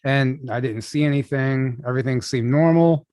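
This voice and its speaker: Young man, casual halting storyteller, dry close sound, guest on a video call. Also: mid-range voice, a little mellow, dry recording. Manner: casual, halting, lots of "like" and restarts. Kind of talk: storytelling in an interview.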